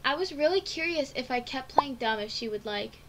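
Excitable high-voiced woman gaming streamer. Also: a little fast, heavy background noise. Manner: excitable, gasping and squealing reactions. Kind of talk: casual let's-play commentary. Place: home at a computer. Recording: keyboard clicks in background. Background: typing on a keyboard.

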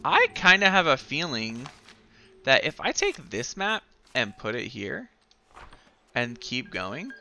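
Bright, giggly man playing a game. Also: mid-range voice, slow pace, faint music behind. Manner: giggly, excited, thinking aloud. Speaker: gamer playing a video game. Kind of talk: let's play commentary.

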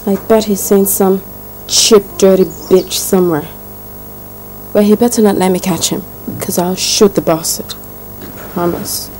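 A woman's voice: mid-range voice, steady tone, a little slow, pauses often, noisy background, close to an everyday voice. An actress playing a spoiled young woman who complains indignantly about her neglectful fiance. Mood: aggrieved. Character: spoiled, wounded young woman, a rich man's daughter. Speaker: jilted fiancee.

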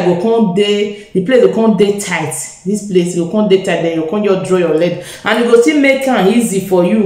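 Speaking directly to her viewers, a Nigerian-accented beauty vlogger runs a live makeup tutorial, blending Pidgin with her English. Her voice is lowish and slightly mellow, and the low-quality audio has an echoey room sound.

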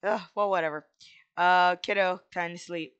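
A let's play host giving casual gameplay commentary, excitable, with goofy mild exclamations and bursts of squealing shouts. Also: mid-range voice, moderate pace, clean tone, lo-fi sound.

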